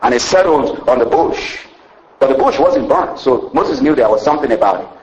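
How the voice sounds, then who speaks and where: Man, preacher, sermon, swelling cadence, mid-pitched voice. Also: lively intonation, moderate pace, darkish tone, highs cut off, slight background noise. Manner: rising and falling preaching cadence, frequent "you know".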